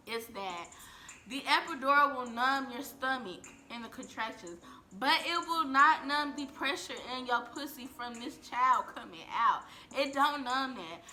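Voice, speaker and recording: A young woman telling a candid, profane storytime to her viewers, chatting straight to them as y'all. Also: on the high side. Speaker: vlogger. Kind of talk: casual storytime. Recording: music playing clearly behind.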